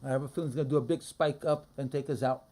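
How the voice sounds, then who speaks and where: A man streaming a live trading session, muttering his thoughts aloud in a low-key, halting way. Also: fairly even intonation, mellow. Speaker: day trader streaming a live trading room. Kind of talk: casual live market commentary.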